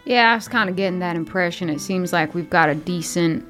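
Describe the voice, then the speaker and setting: A woman playing a tabletop role-playing game, quick and joking. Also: fairly low pitch, fairly bright tone, soft background music. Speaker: player. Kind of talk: tabletop role-play banter.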